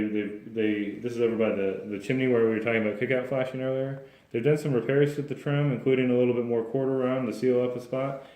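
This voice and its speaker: Low, flat-voiced man in an echoey room. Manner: plain, practical, with frequent restarts. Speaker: home inspector. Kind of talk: explaining inspection findings to a client.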